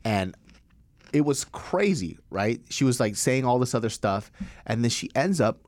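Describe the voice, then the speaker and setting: Animated man telling a funny story. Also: medium pitch, normal speed, no echo. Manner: animated, laughs often, swears freely. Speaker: podcast co-host. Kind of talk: casual comedic storytelling.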